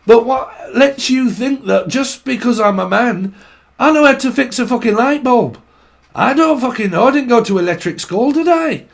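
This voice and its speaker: A man's voice: very high-pitched, animated, normal speed, creaky, full character voice. A man voicing a grumpy elderly northern English husband who rants and swears. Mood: exasperated. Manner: swearing, exasperated ranting. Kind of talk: comic improvised voice.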